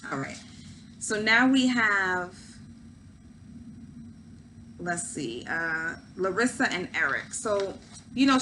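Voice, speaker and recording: Bright-voiced woman recapping a show. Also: fairly low pitch, slight background noise, rough recording. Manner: chatty, opinionated, many fillers. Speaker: host. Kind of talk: casual recap commentary.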